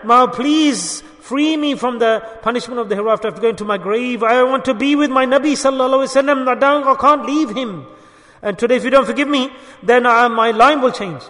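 Preacher doing a crying guy begging forgiveness, soft and broken, high voice, hall echo. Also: normal speed. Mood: pleading. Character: remorseful pleading man, weeping in shame. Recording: long hall reverb.

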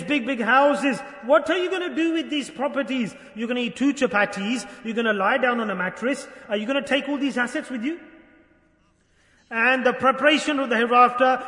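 A man with a very high, bright voice delivers a sermon in a large hall that rings with long echoes. He presses his point with insistent repetition. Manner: emphatic, urging, repeats phrases. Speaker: preacher.

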